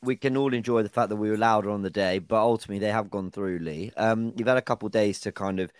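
A man's voice: on the low side, quick pace, clean tone, no room sound. Chatty male podcast host, dry sound. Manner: chatty, hands the floor to others. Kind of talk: casual football podcast chat.

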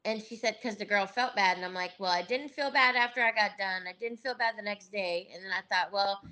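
In her fairly quick, mid-range voice with a sharp tone, she recounts candid stories in a relaxed interview, often laughing. She performs the lines of the other people in her tales.

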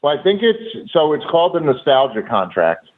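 A man's voice: on the high side, sing-song, moderate pace. A man, a former wrestler, recounting road stories as a guest in a loose, profane, filler-heavy way. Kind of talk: casual storytelling. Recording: tinny phone-line audio.

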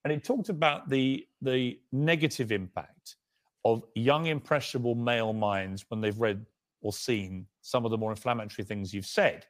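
A man interviewing a guest, asking questions in a measured, probing way. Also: medium pitch, no room sound, studio quality.

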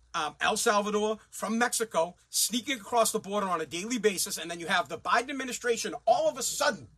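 A man with a very high, sharp and forceful voice tears through a profane political rant. He is blunt and crude, swearing constantly as his anger builds. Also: husky. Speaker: commentator.

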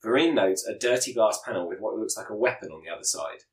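A man reading out a scripted plot pitch as a podcast co-host, sometimes stumbling and correcting himself. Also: animated, quick pace, reverberant, rough recording. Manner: reads with stumbles and self-corrections.

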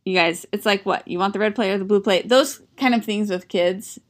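A woman's voice: medium pitch, a little fast. A woman in her thirties, a podcast co-host, chatting casually and telling a story with frequent laughs. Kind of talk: casual chat.

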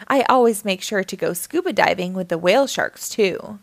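A woman's voice: mid-range voice, expressive, normal speed, vocal fry, dry recording. Woman reading as a cheerful old Santa. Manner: warm, smiling, gently explaining.

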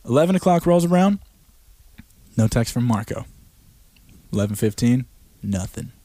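A young man co-hosting a podcast, telling animated stories full of swearing and acted-out quotes. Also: mid-range voice, normal speed, no room sound. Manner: animated storyteller, acts out quotes, heavy swearing. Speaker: podcast co-host. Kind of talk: casual chat.

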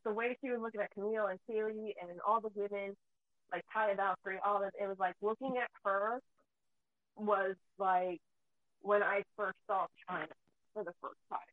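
Mom telling stories casually, swears a lot, sounds thin and phone-like, really dry. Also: female voice, mid-range voice, no room sound. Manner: chatty storyteller, swears freely. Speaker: podcast host and mother. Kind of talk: casual chat.

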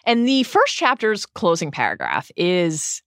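A woman podcast co-host talks through a book, emphatic and earnest. Her voice sits a little low and moves with animated swings. The sound is close and dry. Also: measured pace, no echo.

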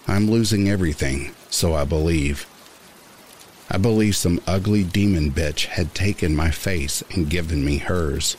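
A man reading a first-person horror story aloud in a measured, somber narration. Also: very deep voice, slight background noise. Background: rain sounds.

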